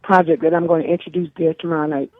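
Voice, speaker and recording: An older woman, a gospel singer guest on a radio interview, talking in a lively, emotional, folksy way and laughing often. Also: sits low, quick pace, phone-quality sound.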